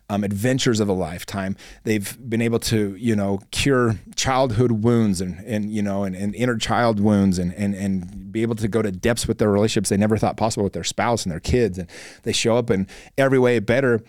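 A man's voice: lowish voice, brisk, darkish tone, dry recording, clean studio sound. A man hosting a podcast, giving an earnest motivational talk in a coaching tone, with frequent fillers and restarts. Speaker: podcast host. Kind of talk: motivational monologue.

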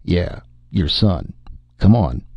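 Casting: a man as a worn-out bus driver, low gravelly voice, dry and flat-sounding. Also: slow pace, dry recording, heavily acted. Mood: weary. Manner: firm, matter-of-fact. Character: weary, patient male bus driver.

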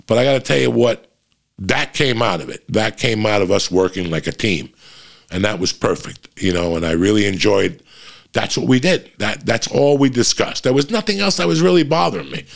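Gravelly deep-voiced man telling stories. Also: lively intonation, moderate pace. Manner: profane, rambling, frequent restarts. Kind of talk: casual storytelling monologue.

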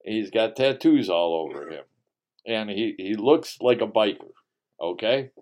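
A man's voice: on the low side, lively intonation, a little slow, darkish tone. A man hosting a casual radio show and interview, talking in a joking, rambling, teasing way. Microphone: studio mic with webcam.

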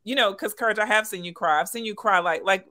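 A woman hosting a talk show, her voice bright and mid-pitched. She responds emphatically and with warmth, drawing on faith as she reflects. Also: fast. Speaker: host. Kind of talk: podcast conversation.

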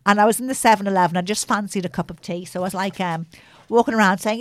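A woman's voice: mid-range voice, steady tone, quick pace, no room sound. A woman in her sixties with a Liverpool accent, chatting casually and rambling through a story. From England. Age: 60s. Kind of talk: casual chat.

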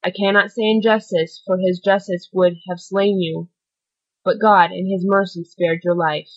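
A woman voicing a stern, solemn male priest who speaks in a grave, measured, admonishing way. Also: lowish voice, fairly even intonation, muffled recording.

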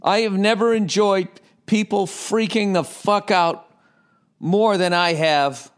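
A male podcast host in a rambling comedic rant, swearing freely and dripping with sarcasm. His voice sits high for a man. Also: fairly even intonation, takes it slowly, smooth.

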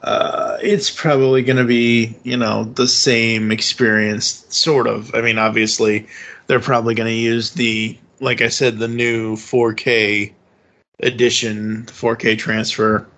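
An enthusiastic man talks in a loose, rambling way as a podcast host, often restarting his sentences. His voice sits at an ordinary middle pitch for a man. His chat is casual and conversational. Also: level tone, measured pace, a bit bright.

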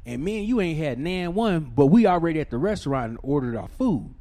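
A man telling a profane, ranting story, swinging from shouting to low muttering. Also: very animated, brisk.

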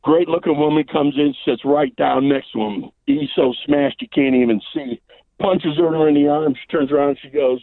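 A male caller comes through a thin, tinny phone line, his voice sitting a bit high for a man. He rambles through a long joke, stuffing it with fillers and endless "he says". The sound is close and dry. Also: big pitch swings, moderate pace, gravelly, dry recording. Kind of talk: telling a long joke on a call-in show.

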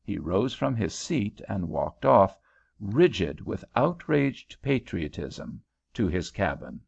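A man reading a novel aloud as an audiobook narrator, in a measured storytelling manner. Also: on the low side, big pitch swings, gravelly, darkish tone, slightly rough. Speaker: audiobook reader. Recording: dull lo-fi home recording.

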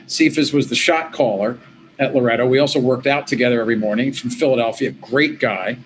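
Middle-aged male guest, mid-pitched, lively storyteller who restarts often, with a light hiss behind him. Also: poor audio. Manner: animated, quick restarts, quotes himself and others. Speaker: interview guest. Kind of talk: conversational storytelling.

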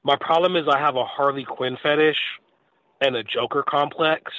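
A man co-hosting a live talk stream, speaking haltingly with frequent restarts and casual slang. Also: on the high side, steady tone, no room sound. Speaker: co-host. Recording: dry, dull lo-fi sound.

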